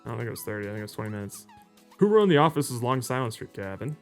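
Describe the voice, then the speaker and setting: A man's voice: medium pitch, big pitch swings, racing, soft background music. A man co-hosting a live stream, reading out trivia questions in a dry, wisecracking way. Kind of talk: casual chat on a live stream.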